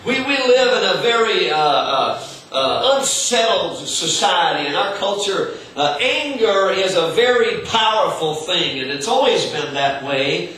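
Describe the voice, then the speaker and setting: A male pastor preaching a sermon, halting and repeating words as he searches for the next thought. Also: high voice, very animated, sharp tone. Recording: echoey room, far from the mic, faint noise.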